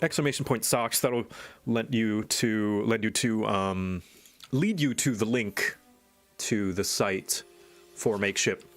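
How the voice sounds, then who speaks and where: A man's voice: medium pitch, fairly bright tone. Exasperated man venting on a stream. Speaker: streamer and animator. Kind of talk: casual live-stream chat.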